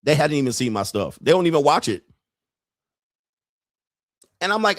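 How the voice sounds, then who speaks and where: A man's voice: fairly high pitch, very animated, normal speed, creaky, pauses often, fairly bright tone, no echo. Brash ranting man, very dry sound. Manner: brash, ranting, laughs often, mimics people. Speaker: podcast host. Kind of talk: profane livestream monologue.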